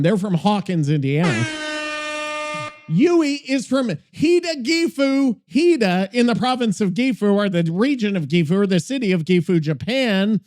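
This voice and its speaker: A man's voice: sits high, a little mellow. A man hosting a gaming podcast, rambling casually, swearing and thinking aloud as he looks things up. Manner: rambling, swears, talks to himself while searching. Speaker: podcast host.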